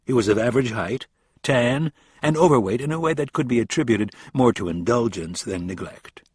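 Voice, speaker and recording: Husky male audiobook narrator. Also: mid-range voice, expressive, normal speed, darkish tone, dry recording, studio quality. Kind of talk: scripted narration.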